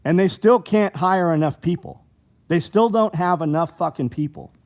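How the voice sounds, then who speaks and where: A man's voice: high-pitched, normal speed, darkish tone. A middle-aged man, hosting a livestream and chatting casually through viewer comments in a blunt, profane, rambling way. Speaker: livestream host.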